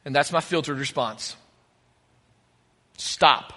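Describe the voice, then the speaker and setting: A man's voice: extremely high pitch, lively intonation, normal speed, sharp tone, in a large hall. A man preaching a sermon as pastor, conversational and joking between points.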